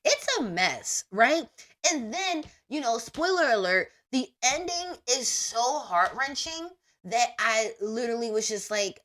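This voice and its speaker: A young adult woman hosting a podcast, giving a casual, emphatic monologue full of slang and big pitch swings. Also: big pitch swings, unhurried, fairly bright tone. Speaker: podcast host.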